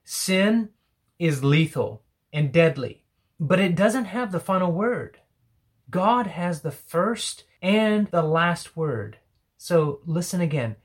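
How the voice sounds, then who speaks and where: This is a devotional sermon voice that takes its time, unhurried and deliberate. The preacher reads scripture aloud and leans hard on key words, then drops into hushed asides, with a pitch that sits neither high nor low. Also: breathy edge. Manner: emphatic, swings between loud exclamations and hushed asides. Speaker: Bible teacher.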